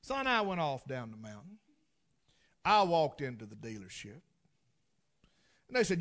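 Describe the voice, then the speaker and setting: A man's voice: a little high, big pitch swings, a little slow, a bit bright. A man with a Southern US accent telling a folksy story with dry humor.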